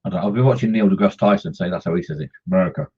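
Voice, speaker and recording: A man's voice: low-pitched, very fast, mellow, husky, lo-fi sound. A man chatting casually on a scale-modelling live stream, greeting viewers by name and joking as he works.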